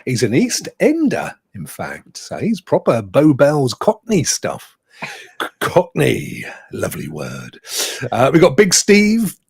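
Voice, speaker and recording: A man's voice: medium pitch, huge pitch swings, slow pace, vocal fry, darkish tone, slightly rough, dry recording, studio quality. A man hosting a casual online talk show, chatty and greeting the live chat viewers by name. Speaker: host.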